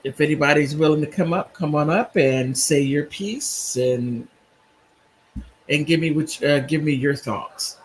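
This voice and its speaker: A man's voice: on the high side, steady tone, a little slow, breathy edge, low-quality recording. A man hosting a casual live stream, rambling through commentary and reacting to viewer comments. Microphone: computer mic on a streaming app.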